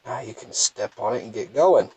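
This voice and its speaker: A man's voice: fairly low pitch, expressive, normal speed, mellow, breathy edge, dry recording, rough recording. A young man with a thick Southern US accent, rambling and self-deprecating as he comments casually on his gameplay. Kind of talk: casual let's play commentary.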